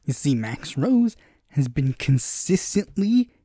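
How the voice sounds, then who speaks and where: Young guy ranting about politics, sarcastic, lots of likes and ums, mellow voice, dead dry mic. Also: a little high, takes it slowly, no echo. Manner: animated and sarcastic, full of fillers. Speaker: political podcast host. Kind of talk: casual political commentary.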